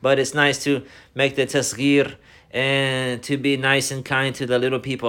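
A man's voice: medium pitch, level tone, fairly bright tone, smooth. Man giving a repetitive religious lesson. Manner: repeats key phrases, deliberate explanatory delivery; mixes Arabic phrases into English. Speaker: Islamic teacher.

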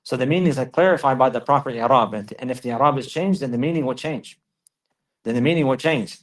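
A man giving a religious lesson, repeating key phrases for emphasis and reciting Arabic verses quickly. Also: medium pitch, poor audio. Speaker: Islamic teacher.

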